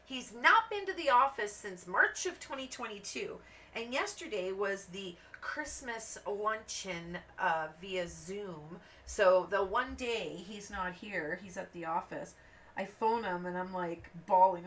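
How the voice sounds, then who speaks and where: A woman with a mid-range voice and measured pace hosts a craft channel, chatting and telling rambling stories as she colors, acting out the voices of the people involved. Her animated anecdotes are recorded a bit distant from the mic, with faint background noise.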